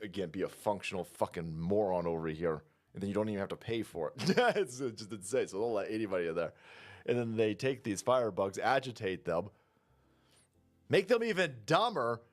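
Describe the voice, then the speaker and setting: Animated, mocking male commentator. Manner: mocking, profane, mimics others in high voices. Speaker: political commentator. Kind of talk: ranting commentary.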